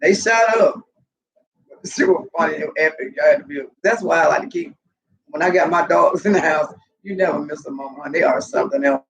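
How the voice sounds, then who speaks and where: A woman telling animated, profane stories casually to her viewers, laughing often. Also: deep voice, fairly quick, vocal fry, low-quality recording. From Southern US. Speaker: vlogger. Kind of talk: casual storytelling to camera.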